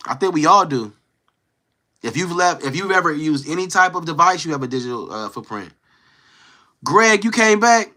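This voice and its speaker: A man's voice: a little high, animated, fairly quick, sharp tone. A young man streaming live, casually chatting with his viewers and playfully teasing trolls in the chat. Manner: teasing, playful trash talk.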